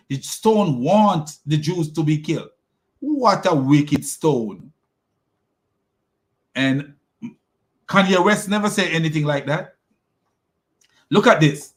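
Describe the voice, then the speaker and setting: A man giving mocking commentary, sarcastic and quick to laugh, with loud exclamations. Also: fairly high pitch, sing-song.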